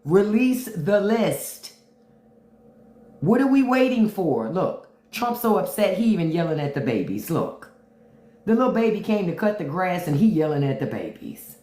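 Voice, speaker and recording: A woman's voice: on the low side, sing-song, moderate pace, warm tone, roomy sound. A woman hosting a casual livestream, talking bluntly and profanely and answering viewer comments. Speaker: livestream host.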